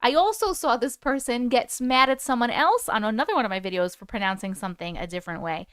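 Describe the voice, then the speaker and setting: Lively high-voiced woman streamer. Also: quick pace, clear, resonant tone, no echo, studio quality. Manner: chatty, laughs often, swears casually. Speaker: host of a live stream. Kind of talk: casual live-stream chat.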